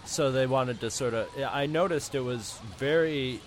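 A man's voice: mid-range voice, normal speed, a little hiss or hum. A man co-hosting a casual chat, talking hesitantly with many fillers and restarts. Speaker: podcast co-host.

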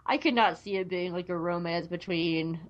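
Rambling, animated woman podcast host. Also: lowish voice, normal speed, muffled recording. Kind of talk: casual podcast chat.

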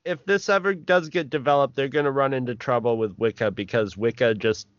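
A man's voice: medium pitch, brisk, crowd noise. A man co-hosting a podcast, chatting casually and rambling with laughs as he reviews a film. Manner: rambling, laughs while talking. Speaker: podcast co-host. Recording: dull lo-fi podcast audio.

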